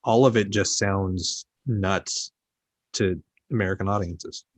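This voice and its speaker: Blunt low-voiced man, dry sound. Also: slow, no echo. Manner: blunt, emphatic, matter-of-fact. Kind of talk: casual chat.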